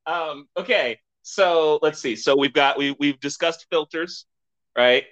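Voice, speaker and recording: A man hosting a podcast in casual chat, rambling and excitable and laughing often. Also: fairly high pitch, takes it slowly, highs cut off. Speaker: podcast host.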